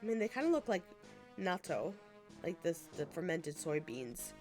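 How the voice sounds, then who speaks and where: A woman's voice: fairly low pitch, sing-song, normal speed, darkish tone, soft background music. Chatty young woman streamer. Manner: chatty, amused. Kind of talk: casual game commentary.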